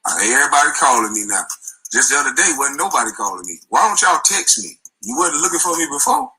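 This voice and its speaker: A man's voice: mid-range voice, big pitch swings, fast, bright, forceful tone, slightly rough, faint music behind, poor audio. A man delivering a heated, confrontational and profane rant, with scornful laughs. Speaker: guest.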